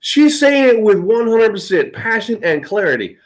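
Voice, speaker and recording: Here a man talks at a fairly high pitch while he tells a rambling story, with plenty of cursing along the way. His casual delivery breaks into laughter again and again. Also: big pitch swings, moderate pace. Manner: profane, rambling, laughing often. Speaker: host.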